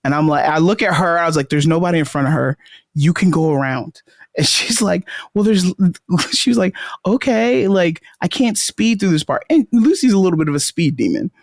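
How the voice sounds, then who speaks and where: A woman's voice: lowish voice, a little fast, no echo, studio quality. A woman co-hosting a casual chat podcast, telling a story with lots of laughter and acted-out quotes. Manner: animated storyteller, laughs often, acts out quotes. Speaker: podcast co-host.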